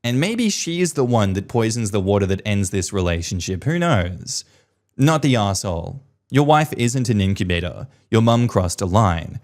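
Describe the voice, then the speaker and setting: A man's voice: on the low side, very animated, normal speed, a little mellow. A man reading online posts aloud and reacting to them with blunt, sarcastic commentary.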